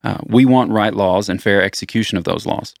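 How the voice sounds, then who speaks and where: A man with a very deep voice leads the conversation, agreeing with his guest and asking measured follow-up questions. His voice sounds dry and close to the mic. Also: vocal fry, no echo. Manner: measured, affirming, poses questions. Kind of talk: conversational theology discussion.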